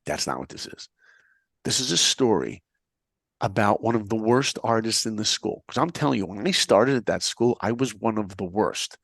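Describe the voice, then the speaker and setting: A man's voice: on the low side, normal speed, gravelly, no echo. A middle-aged man from New York, telling his own story in a motivational style and acting out the dialogue he recounts. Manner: animated, acts out the dialogue he recounts.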